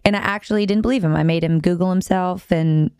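A young woman co-hosting a podcast and telling a long personal story in an animated, quick way, often breaking into laughter. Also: lowish voice, smooth, no room sound, clean studio sound. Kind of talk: casual storytelling chat.

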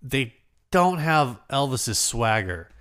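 A man's voice: medium pitch, big pitch swings, slow pace, a bit bright, clean tone. A man co-hosting a casual podcast, rambling and self-deprecating, often trailing off mid-thought. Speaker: podcast co-host. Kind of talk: casual chat.

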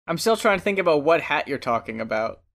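A man's voice: fairly high pitch, very animated, quick pace, vocal fry, a bit bright. A man co-hosting a podcast, chatting casually and joking with a laid-back, swearing manner. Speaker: podcast co-host reviewing albums. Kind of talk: casual chat.

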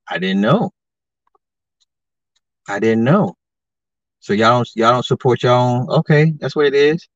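A man hosting a podcast, giving confrontational social commentary and firing off rhetorical questions, his voice jumping high when he gets heated. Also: animated, normal speed, long pauses, dry recording. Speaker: podcast host. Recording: dull lo-fi podcast mic, dry.

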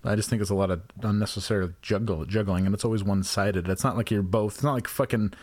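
A man's voice: on the low side, fairly even intonation, fast talker, a little mellow, dry recording. A man co-hosting a casual comedy podcast, ranting with profanity and sarcasm. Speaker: podcast co-host.

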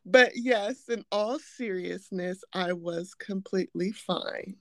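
Slow-talking, playfully dramatic young woman. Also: medium pitch, dry recording, clean studio sound. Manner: playfully dramatic, laughs often. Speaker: podcast host. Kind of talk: casual chat.

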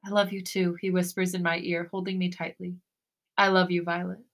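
A woman co-hosting a podcast, reading a romantic fan fiction story aloud in a soft, intimate way. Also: lowish voice, little pitch movement, fairly quick. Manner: soft, breathy romantic reading, then gushing and giggly.

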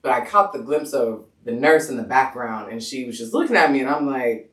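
A young woman as a podcast guest, telling her story in casual chat, animated, acting out quoted voices and laughing often. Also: rumbling low, brisk. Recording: echoey room, distant mic.

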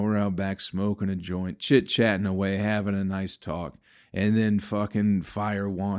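A man's voice: deep voice, a little mellow. A male comedian telling a rambling, profane story in a casual podcast, growing exasperated as he talks.

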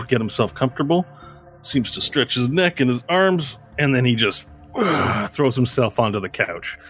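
A man's voice: on the low side, a bit bright. A man narrating a tabletop game as game master, describing scenes loosely, with casual asides.

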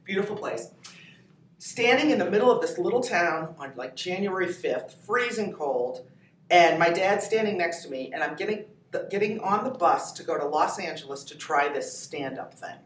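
A comedian woman in her fifties from New Hampshire, telling stories in a lively, laughing way as a podcast guest. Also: lowish voice, normal speed, a little hiss or hum. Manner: animated, laughing storyteller. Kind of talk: podcast interview. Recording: echoey room, distant mic, faint ambience.

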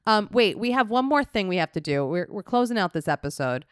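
A woman's voice: medium pitch, expressive, fairly quick, clean tone, no echo, studio quality. A woman hosting a podcast in casual chat, effusive and giggly, rambling a little. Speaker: podcast host.

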